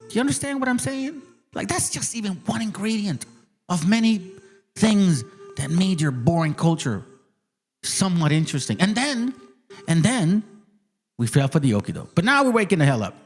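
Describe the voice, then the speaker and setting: A man's voice: sits high, very animated, moderate pace, soft background music. A man hosting his channel with heated, profane, mocking commentary on clips. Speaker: channel host.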